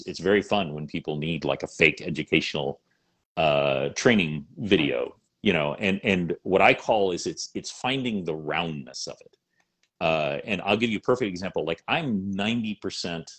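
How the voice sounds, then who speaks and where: A middle-aged man and voice actor chatting in an interview, animated and rambling with lots of fillers. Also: sits low, normal speed, breathy edge. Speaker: voice actor and salesman. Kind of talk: casual interview chat.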